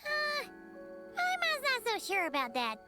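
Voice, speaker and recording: A woman's voice: extremely high pitch, huge pitch swings, measured pace, full character voice. A woman voicing a bubbly, chatty little floating girl companion who talks about herself in the third person, in a video game. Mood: chirpy. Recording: game audio with music behind.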